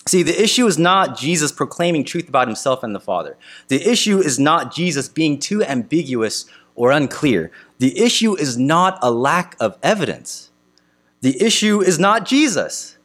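A man preaching a sermon to his congregation, asking earnest rhetorical questions with emphatic pauses. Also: on the high side, big pitch swings, a bit bright. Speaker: pastor.

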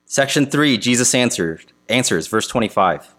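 A man preaching a sermon to his congregation, asking earnest rhetorical questions with emphatic pauses. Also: medium pitch, lively intonation, a bit bright. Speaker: pastor.

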